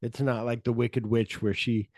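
A man's voice: mid-range voice, flat delivery, normal speed, darkish tone, no echo, clean studio sound. A man co-hosting a casual podcast chat, animatedly retelling a film's scenes, acting out the characters' lines and swearing freely. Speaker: podcast co-host. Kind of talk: casual chat recapping a film.

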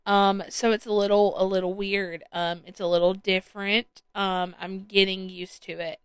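A woman's voice: medium pitch, flat delivery, normal speed, clear, resonant tone, no room sound. A woman hosting her own podcast solo, chatting casually and rambling with plenty of ums and restarts. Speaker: podcast host. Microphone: headphones with a podcast mic.

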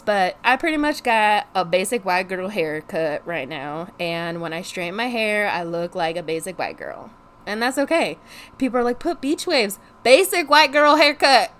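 A young woman vents through a casual storytime vlog, animated and exasperated, dropping curses and leaning on "like" between phrases. Her voice sits at a middle pitch, with a faint hiss under the recording. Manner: animated, exasperated, swears freely; heavy use of "like" as filler. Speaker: vlogger.

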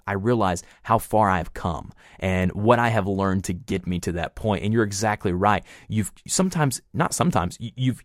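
Southern man hosting, lowish voice. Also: no room sound, studio quality. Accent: Southern US, toned down. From American South. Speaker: podcast host. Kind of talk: conversational interview hosting.

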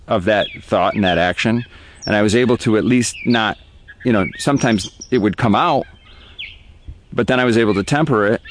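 A man speaking as the guest artist in a reflective interview, earnest and growing animated when he makes a point. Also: fairly low pitch, slight background noise, rough recording.

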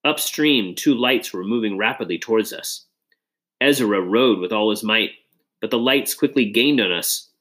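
A man reading a children's adventure story aloud in an expressive, dramatic way. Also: lowish voice, moderate pace. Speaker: audiobook reader. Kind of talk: storybook narration.

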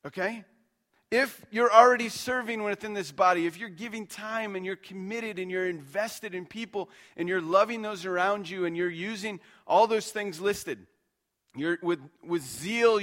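A man's voice: a little high, a bit bright. A man preaching a sermon as pastor, earnest and conversational, repeating his points and checking in with the listeners.

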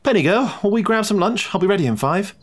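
Brainy young tennis player, read by a man, precise and chatty, lively intonation. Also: high voice, fast.

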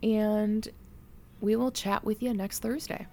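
A woman co-hosts a true crime podcast, wrapping up a case in loose, chatty conversation. Her voice carries a gravelly, creaky fry, and she talks at an average pitch with an easy, laughing manner. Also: steady tone, takes it slowly, over loud music. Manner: chatty, laughs easily, mimics pronunciations. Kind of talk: casual podcast chat.

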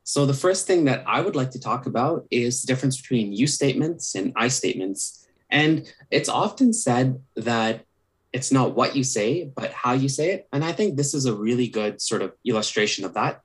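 A young counselor on a podcast earnestly explains communication tips with examples, peppering his talk with "sort of" and "kind of." He has a medium-pitched voice with lively intonation and a moderate pace, though the audio is poor.

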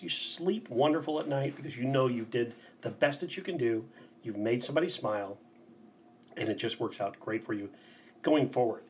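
A man's voice: medium pitch, darkish tone, a little hiss or hum. A man who guides bike tours, talking as a guest on a casual podcast in an upbeat, enthusiastic, motivational way.

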